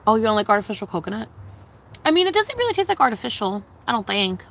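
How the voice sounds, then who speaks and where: A young woman livestreaming and answering her chat, swearing freely and laughing a lot. Her voice swoops up and down all the time and has a bright, tense edge. She stays loose and chatty throughout. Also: on the high side, sing-song, fast, creaky, poor audio. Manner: profane, giggly, blunt and chatty.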